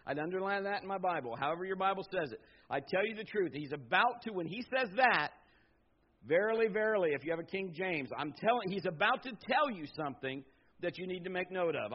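A middle-aged man preaching a sermon as pastor, swinging from loud emphatic bursts to low, quiet stretches. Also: lively intonation, a little fast, breathy edge. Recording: slightly dull lo-fi sound.

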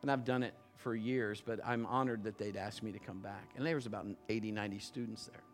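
A male pastor preaching a sermon in a conversational storytelling way, building to loud emphatic bursts. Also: fairly low pitch, fairly even intonation, quick pace, soft background music.

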